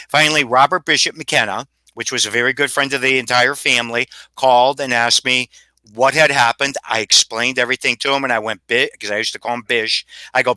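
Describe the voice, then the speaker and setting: A man's voice: medium pitch, bright, forceful tone, dry recording. A man telling stories as a guest, rambling and salty, swearing freely. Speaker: paranormal investigator guest. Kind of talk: casual storytelling.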